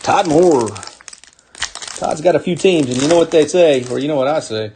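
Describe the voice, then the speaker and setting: A man's voice: on the high side, normal speed, a little mellow, slight background noise. A man hosting a live sports card break, upbeat as he calls out players and teams while opening packs.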